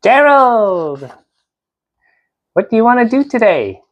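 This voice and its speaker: A woman's voice: fairly high pitch, sing-song, slow pace, highs cut off, voice pushed up. Woman doing Piggy, an eager pig. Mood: cheerful. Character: cheerful excitable pig best friend. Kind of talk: storybook read-aloud.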